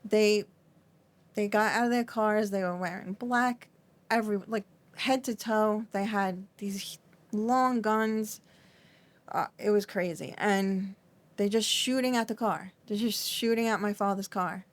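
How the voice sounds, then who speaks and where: Shaky middle-aged woman, halting recollection. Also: mid-range voice. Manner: halting, repeats and restarts often, fillers like "like". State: shaky, trembling. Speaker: podcast guest. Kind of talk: emotional interview recollection.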